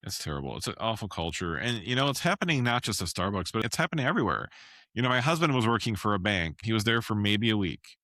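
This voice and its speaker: A man with a bright, forceful tone and a somewhat low pitch speaks bluntly on a podcast. He sounds indignant and swears without holding back. The recording is dry and close, with no room sound. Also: big pitch swings, quick pace, no room sound. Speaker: podcast co-host. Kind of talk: casual chat.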